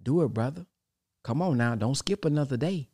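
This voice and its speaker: A man's voice: medium pitch, expressive, moderate pace, dark tone, breathy edge. A man doing an urging inner conscience voice. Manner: urging, brotherly push. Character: encouraging male inner voice of conscience.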